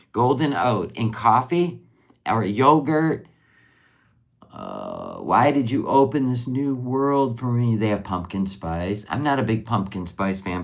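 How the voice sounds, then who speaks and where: A live-streamer chatting casually while finishing crafts, rambling and answering viewer comments as they come in. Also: mid-range voice. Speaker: livestream crafter.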